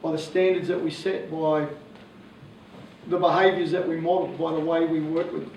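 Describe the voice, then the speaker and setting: Aussie guy giving a talk, high voice, cracking jokes, mic far off in a big echoey hall w faint room noise. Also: normal speed. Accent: Australian. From Australia. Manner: animated, joking storyteller. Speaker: coach speaking to parents. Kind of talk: public talk.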